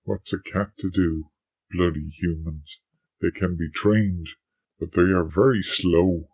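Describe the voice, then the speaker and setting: A man voicing a haughty male house cat who scorns humans, in a husky, sneering, contemptuous tone. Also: deep voice, fairly even intonation, takes it slowly, lo-fi sound, voice pushed down, full character voice. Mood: scornful. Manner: sneering, contemptuous inner monologue.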